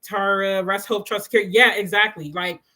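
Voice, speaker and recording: A woman hosting a morning devotional livestream, talking in a chatty, animated way with lots of "y'all" and "you know," and reading viewers' comments. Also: medium pitch, normal speed, rough recording. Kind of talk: casual faith talk, reading live comments.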